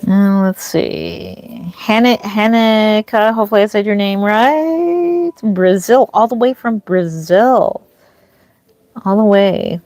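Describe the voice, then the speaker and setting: A woman's voice: medium pitch, slow pace, a little mellow, dry recording. A woman streaming live as a reborn doll artist, chatting casually, greeting viewers and answering their comments with frequent ums and restarts.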